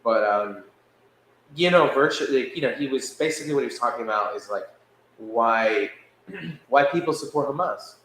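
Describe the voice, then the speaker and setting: Man, podcast co-host, casual storytelling, animated, laughs, echoey room. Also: mid-range voice, normal speed, a little hiss or hum. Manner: animated, laughing, acts out quotes. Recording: echoey room with faint ambience.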